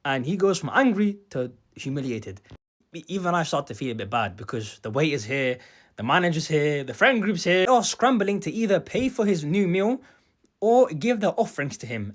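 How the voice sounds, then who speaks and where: A young man telling a comic personal story for his vlog, animated and boastful, jumping between loud outbursts and quiet muttered asides. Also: a little high, a little fast. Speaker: storytime vlogger.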